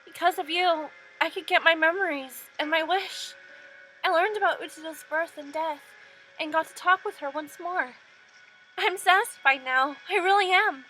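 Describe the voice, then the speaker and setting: A woman's voice: very high voice, moderate pace, sharp tone, soft background music, pitched above the performer's own voice, rough recording. A woman voicing a cheerful, grateful young girl while reading a game aloud.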